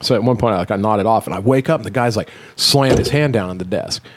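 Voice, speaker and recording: A young adult man hosting a podcast, telling an animated, profanity-heavy story in casual chat. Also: fairly low pitch, fast talker. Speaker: podcast host.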